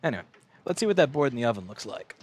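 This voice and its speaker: Racing along with a breathy edge at medium pitch, this twenty-something American repair shop owner streams himself at the bench. The livestream is casual, full of profane, rambling, animated rants and mocking impressions.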